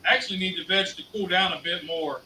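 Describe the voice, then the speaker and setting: A man's voice: high-pitched, steady tone, quick pace, noisy background. A man talking through a cooking recipe step by step, matter-of-fact as he works. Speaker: cook. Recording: roomy, bright and far from the mic.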